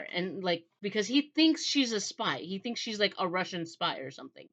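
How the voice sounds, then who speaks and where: A woman's voice: mid-range voice, very animated, normal speed, a bit bright, lo-fi sound. A woman who reviews books, chatting in a rambling, casual way and acting out characters' dialogue. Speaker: book reviewer. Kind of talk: casual book review chat.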